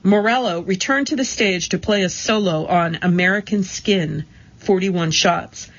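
A woman giving a steady, measured scripted narration of magazine articles. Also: on the low side, muffled recording.

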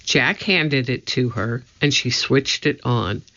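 A man reading a children's story aloud in a steady, scripted narration. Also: medium pitch, slow, gravelly. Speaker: audiobook narrator. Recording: slightly dull lo-fi audio.

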